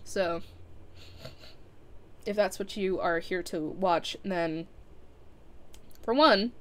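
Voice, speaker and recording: A young woman winds down her live stream, chatting casually and rambling with lots of fillers and frequent laughs. Her voice is lowish.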